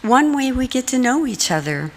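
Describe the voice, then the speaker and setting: A woman giving a measured, reflective talk at a church service, recorded in the sanctuary. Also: high-pitched, sing-song. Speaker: lay speaker. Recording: long hall reverb, faint room noise.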